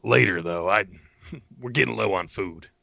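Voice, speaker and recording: A man's voice: on the low side, a little slow, creaky, bright, forceful tone, no echo, exaggerated voice. A man voicing a small, grubby man aboard a ship in a tabletop game, sighing and wry. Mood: weary.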